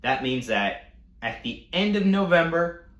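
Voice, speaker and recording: A man telling a casual storytime rant, animated, mocking and full of profanity. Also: fairly high pitch, unhurried, reverberant. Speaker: storytime vlogger.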